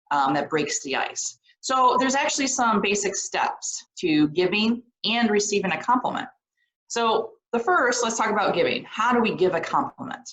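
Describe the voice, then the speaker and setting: A woman leading a social skills lesson for students, animated and often checking in with short questions. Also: mid-range voice. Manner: animated, keeps checking in with "okay?". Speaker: program director teaching social skills. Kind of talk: lively classroom video lesson. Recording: echoey room.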